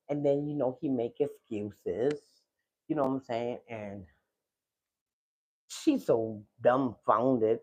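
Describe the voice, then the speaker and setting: A woman's voice: very deep voice, slow pace, pauses often, dark tone, muffled recording. A woman host telling a story on a livestream in a casual, chatty way, often asking "you know what I'm saying".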